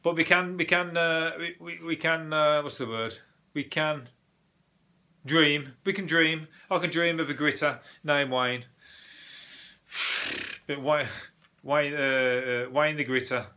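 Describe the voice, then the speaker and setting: A man's voice: fairly high pitch, fairly even intonation, slow, long pauses, bright, forceful tone. A man hosting a casual news review, rambling, swearing and laughing as he goes. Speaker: podcast host.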